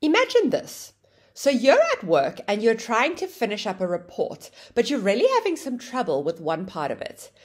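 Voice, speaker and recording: A woman teaching an online English grammar lesson, explaining with a lively, sing-song intonation. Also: on the high side, normal speed, slightly rough.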